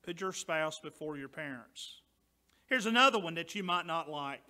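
A male pastor preaches in a high, very bright voice, loud and emphatic as he drives his points home, then drops into softer asides to the congregation. He is expressive and speaks at a normal speed.

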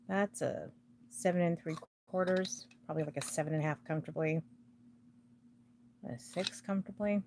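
A woman's voice: lowish voice, normal speed, long pauses, darkish tone, slight background noise. A woman hosting a casual live jewelry sale, chatting to the pieces as she unpacks them and laughing often. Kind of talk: casual live-stream chat while unboxing.

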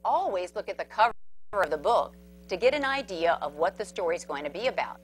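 A woman storyteller reading a picture book aloud to children, animated, with sound effects and asides about the pictures. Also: on the low side, a little fast, soft background music.

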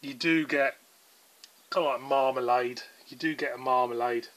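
Chatty southern English man, bright voice. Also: mid-range voice, fairly even intonation, moderate pace. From England. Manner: chatty, rambling, filler-heavy. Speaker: beer reviewer. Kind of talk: casual video review.

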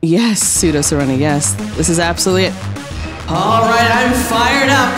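A woman's voice: lowish voice, lively intonation, unhurried, over music. A woman streaming a game, commenting casually and theatrically. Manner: playful, theatrical, lots of exclamations and laughs.

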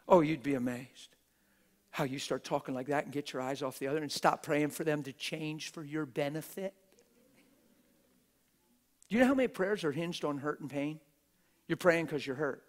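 Higher-voiced man preaching conversationally. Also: normal speed, pauses often. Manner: conversational preaching with rhetorical questions; acts out quoted voices. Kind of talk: live sermon. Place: church gathering.

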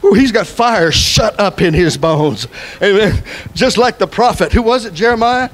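An older man preaching a sermon to his church. He swings from loud, impassioned preaching to soft, tender asides. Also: sits high, expressive, normal speed, a little hiss or hum, low-quality recording. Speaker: pastor. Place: church sanctuary.

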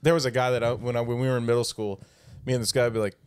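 Male podcast co-host, 30s, mid pitch, dry close sound, animated storyteller. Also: rapid-fire, clear, resonant tone, no room sound. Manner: animated storyteller, acts out quotes. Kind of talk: casual chat.

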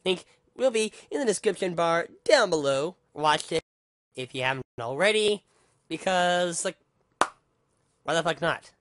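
A man's voice: a little high, expressive, measured pace, long pauses, a bit bright, a little hiss or hum. A man ranting angrily into the camera, swearing a lot and tripping over his words with repeated restarts. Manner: heated, profane, stammering restarts. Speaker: vlogger. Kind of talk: angry rant monologue.

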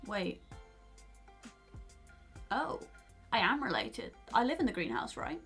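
A woman's voice: mid-range voice, wildly swooping pitch, takes it slowly, long pauses, a bit bright, soft background music. A young woman playfully commenting while playing a video game and reading its lines aloud. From outside the United States. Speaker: gaming YouTuber. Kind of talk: let's play commentary.

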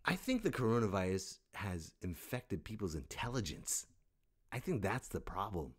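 A man's voice: lowish voice, sing-song, normal speed, husky. A man hosting a comedy podcast, delivering a sarcastic, exasperated rant and laughing at his own jokes. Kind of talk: stand-up style comic rant.

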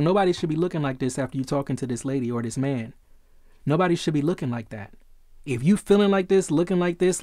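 A man's voice: a little high, a little mellow, no room sound, clean studio sound. A man giving a casual tarot reading, emphatic and repetitive, swearing freely. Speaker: tarot reader.

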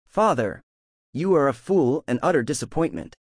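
A man's voice: on the high side, expressive, moderate pace, no room sound, studio quality. A man voicing a scornful thunder-god king. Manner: scornful, commanding. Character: booming proud thunder-god king, father.

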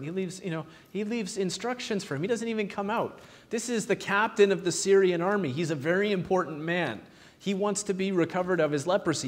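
Animated preacher in a reverberant church. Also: male voice, a little high. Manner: animated storytelling, acting out Bible figures in his own voice. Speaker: pastor. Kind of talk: sermon. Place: church sanctuary. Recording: long hall reverb in a church.

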